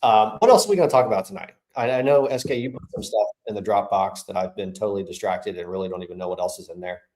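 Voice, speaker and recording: A man co-hosting a casual political podcast, talking in an animated, rambling way and swearing freely. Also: on the low side, fast talker, poor audio. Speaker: podcast co-host.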